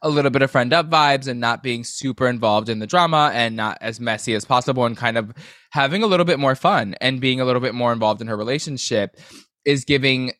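Man, podcast co-host, casual gossip, animated, swears, dry sound. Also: mid-range voice, quick pace, no echo. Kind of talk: casual chat.

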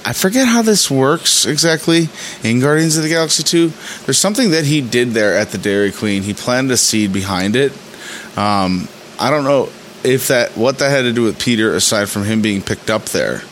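A man hosting his podcast, talking casually and excitedly about an episode, rambling with frequent laughs while saying he is tired. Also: on the low side, slight background noise, rough recording. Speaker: podcast host. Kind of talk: casual episode reaction commentary.

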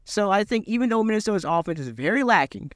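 A man's voice: sits high, expressive, fast, fairly bright tone, dry recording, clean studio sound. A man co-hosting a sports podcast in casual chat, hesitant and full of fillers, with breezy slang. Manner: hesitant, lots of uh and I don't know, breezy slang. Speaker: podcast co-host.

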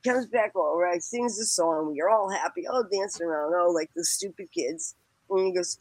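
Husky woman telling a lively anecdote. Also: normal speed, poor audio. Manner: acts out quoted people with big pitch jumps, laughs while talking.

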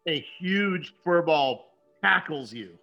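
A man running a tabletop game as game master, narrating haltingly with frequent laughs. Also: a little high, animated, creaky, muffled recording, faint music behind. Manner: halting, laughs often, many fillers.

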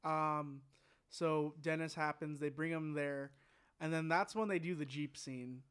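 A man's voice: on the high side, steady tone, a little slow, a bit bright, clean tone. A man co-hosting a casual podcast chat, speaking emphatically and restarting words now and then. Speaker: podcast co-host.

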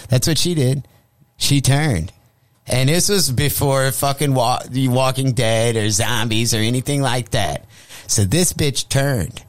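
A man's voice: mid-range voice, unhurried, no room sound. A male comedian telling a profane comic story as a guest, acting out the voices he quotes. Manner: animated, acts out quoted voices. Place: radio studio.

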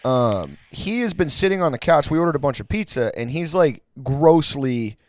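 A man's voice: fairly high pitch, big pitch swings, moderate pace, no echo, studio quality. A man from Houston, Texas telling a crude story in a casual, rambling way, full of filler words.

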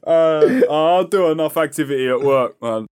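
A man's voice: fairly high pitch, moderate pace, a little mellow, smooth, no room sound, clean studio sound. A young man with a London accent, co-hosting a podcast in laid-back, slangy banter. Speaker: podcast co-host. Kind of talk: casual chat. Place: small back room at home.

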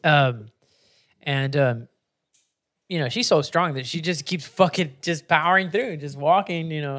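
A man's voice: a little high, normal speed. A man co-hosting a podcast who tells a casual story to friends, swearing freely and acting out the people he quotes. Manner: profane, animated, acts out quoted people. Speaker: podcast co-host.

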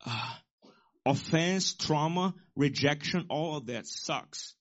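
A man's voice: a little high, slow pace. Emphatic preaching man, dull lo-fi sound. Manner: emphatic preaching with sudden loud peaks and quiet asides. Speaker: pastor. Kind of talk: sermon.

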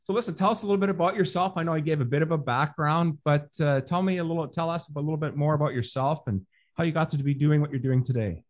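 A Canadian man hosts a podcast intro and interview, talking fast with few pauses in a fairly high voice. He's motivational and addresses his audience as brothers.

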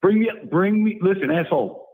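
Angry caller from New York, high male voice, profane and stammering. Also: a little fast, phone-quality sound, a crowd in the background. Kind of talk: profane insult exchange.

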